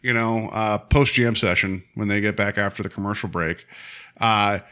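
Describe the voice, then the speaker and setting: A man's voice: fairly low pitch, fairly even intonation, moderate pace, sharp tone. A man in casual conversation, talking through a film scene with rambling asides and little acted-out lines. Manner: rambling, many fillers, acts out dialogue in quotes. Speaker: co-host reviewing a film. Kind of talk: casual chat.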